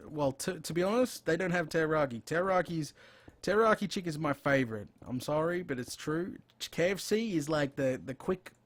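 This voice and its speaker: A man with an Australian accent talks through a live gaming stream in a loose, rambling way. His voice sits a little high for a man. He keeps breaking into quick exclamations. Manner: chatty and rambling, with frequent exclamations. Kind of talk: casual live-stream chat while playing.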